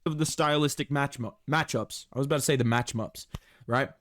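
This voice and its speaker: A man's voice: medium pitch, fairly quick, no room sound. A man co-hosting a casual sports reaction chat, heated and profane as he rants. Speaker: podcast co-host.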